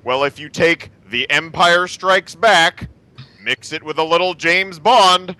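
A man's voice: on the high side, slow pace, pushed and bright, dry recording. A man reading a movie review aloud for laughs as a podcast co-host, wry and a little hesitant.

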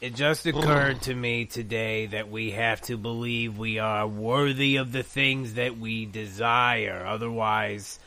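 A man on a comedy podcast, reading a post aloud in a dry, unhurried way. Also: mid-range voice, steady tone, sharp tone. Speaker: podcast host.

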